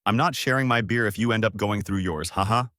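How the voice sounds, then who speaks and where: A man's voice: fairly low pitch, brisk, no room sound, clean studio sound. A man voicing jovial, jokey sailors on a boat. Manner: jokey, excited. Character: jovial adult male sailors.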